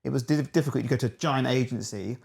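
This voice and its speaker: Male podcast host, middle-aged, rambling and animated, medium pitch. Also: fast, vocal fry. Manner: rambling, many restarts, acts out quotes. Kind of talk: casual interview chat.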